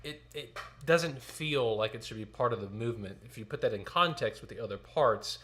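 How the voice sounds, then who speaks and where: A man's voice: medium pitch, brisk, loud music behind the voice. A man leading a choir sectional rehearsal. He counts in, sings short phrases and explains notes patiently. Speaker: choir director.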